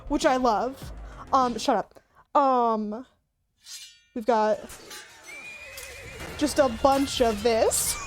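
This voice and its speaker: Slow-talking giggly woman streamer. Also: on the high side, soft background music. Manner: giggly, rambling, trying out voice changer effects. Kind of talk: casual livestream chat. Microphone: headphones beneath a hat.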